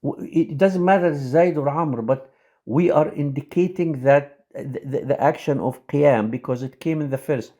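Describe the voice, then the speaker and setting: Halting male lecturer with many fillers. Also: on the high side, dark tone. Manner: says example sentences quickly. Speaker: teacher.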